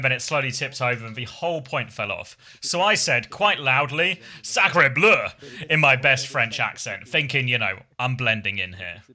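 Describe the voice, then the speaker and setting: English male esports streamer, very bright forceful tone, chatty and self-deprecating, easy stream talk. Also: mid-range voice. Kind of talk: casual stream chat and play-by-play commentary.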